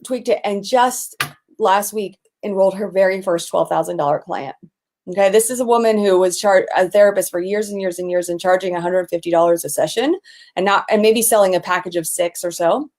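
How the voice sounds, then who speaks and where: A middle-aged woman leading a live online coaching session. She sounds energetic and enthusiastic, her voice at an ordinary middle pitch. At times she bursts into excited shouts. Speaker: business coach.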